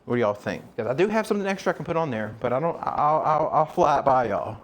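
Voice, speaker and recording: Talking fast and animatedly in a mid-range voice, a man cooks on a live stream from his kitchen. He's chatty and rambling, checking in with viewers through questions as he works.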